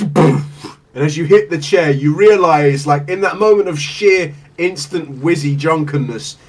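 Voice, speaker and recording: A man's voice: fairly high pitch, a little slow, far from the mic, poor audio. Rambling man running a tabletop game. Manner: rambling, laughing, filler-heavy narration. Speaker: game master.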